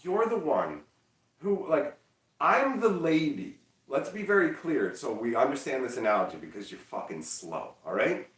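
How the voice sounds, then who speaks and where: A man chatting casually on a livestream, loud and energetic, teasing his chat. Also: medium pitch, normal speed, reverberant, recorded from a distance. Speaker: streamer.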